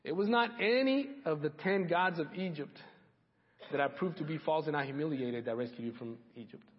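A man's voice: fairly high pitch, moderate pace, in a large hall, dull audio. A man preaching a sermon, emphatic, repeating key phrases for weight. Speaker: pastor.

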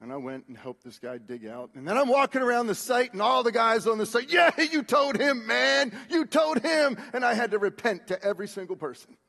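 A man preaching a sermon, moving between hushed, slow words and loud, drawn-out exhortation. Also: high-pitched, animated, creaky. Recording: long reverb of a large hall.

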